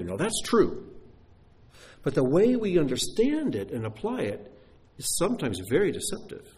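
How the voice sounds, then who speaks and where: A man's voice: on the high side, huge pitch swings, normal speed, darkish tone, breathy edge. A man preaching a sermon, emphatic, often repeating key phrases and putting questions to his listeners.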